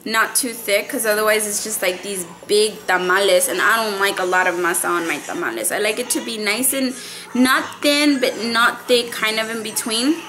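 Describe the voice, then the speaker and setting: A young pregnant woman vlogs from her home kitchen on a phone camera, chatting with viewers like family while she cooks. Her mid-range voice has a sharp tone and a moderate pace with few pauses.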